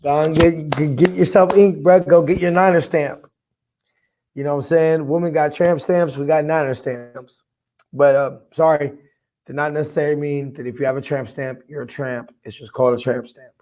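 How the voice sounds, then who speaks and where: Male podcast host, fan energy, hyped and heartfelt, a touch higher voice. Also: moderate pace, muffled recording. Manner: excitable, hyped, emotional. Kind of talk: casual fan podcast commentary, reading viewer comments.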